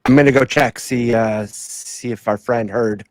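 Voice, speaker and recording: Male player, halting and unsure, dry close mic. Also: medium pitch, steady tone, no echo. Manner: hesitant, halting. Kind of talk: tabletop game chat.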